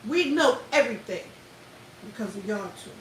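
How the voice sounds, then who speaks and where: Woman livestream host; loud, blunt, profane commentary, recorded off-mic with faint hiss. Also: mid-range voice, normal speed, echoey room, far from the mic, poor audio. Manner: loud, animated, blunt and profane, addresses viewers directly.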